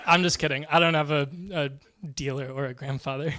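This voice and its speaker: A man doing stand-up comedy, delivering deadpan one-liners in a dry, soft-spoken way. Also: fairly high pitch, fairly quick.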